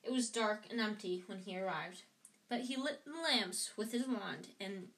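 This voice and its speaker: A woman's voice: mid-range voice, normal speed, fairly bright tone, roomy sound, low-quality recording. A woman reading a novel aloud at home, often tripping over words and going back to correct herself. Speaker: audiobook reader. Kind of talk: amateur read-aloud of a novel.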